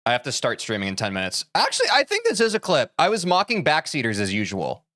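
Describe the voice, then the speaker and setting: A man's voice: mid-range voice, wildly swooping pitch, quick pace, bright, forceful tone, no echo, clean studio sound. A man streaming a game, talking casually to his chat in a rambling, self-interrupting, opinionated way.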